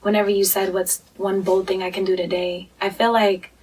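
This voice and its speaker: A Southern American woman co-hosts a relaxed podcast chat, talking loosely with plenty of "like" and "um". Her voice is a bit husky, and she sits some way back from the microphone. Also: mid-range voice, a little fast, far from the mic, low-quality recording. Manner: chatty, lots of "like" and "um". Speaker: podcast co-host. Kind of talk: casual chat.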